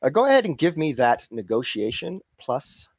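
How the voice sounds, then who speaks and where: Game-master man, rambling with lots of fillers; lively pitch, dull dry recording. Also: normal speed, gravelly, husky, no room sound. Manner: rambling, filler-heavy description. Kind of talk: narrating a tabletop game.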